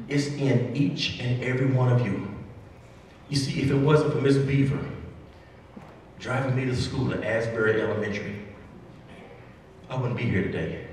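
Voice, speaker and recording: A man telling a story in a keynote speech to educators, animated and repetitive, building emphasis with each line. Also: lowish voice, a little hiss or hum. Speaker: motivational speaker to educators. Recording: echoey hall, mic far off.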